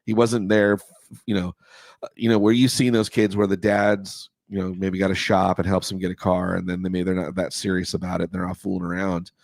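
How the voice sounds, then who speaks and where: A man's voice: low voice, level tone, a little fast, creaky, darkish tone, no echo. A man co-hosting a casual car show chat, rambling with many restarts and losing his voice. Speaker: co-host, custom car builder.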